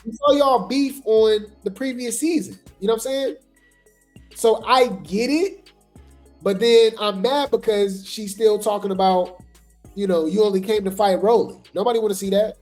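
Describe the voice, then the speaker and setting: A host giving casual gossip commentary on reality TV, talking chattily and filling pauses with "right?" and "you know". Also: medium pitch, darkish tone, soft background music. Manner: chatty, full of fillers and "right?" asides.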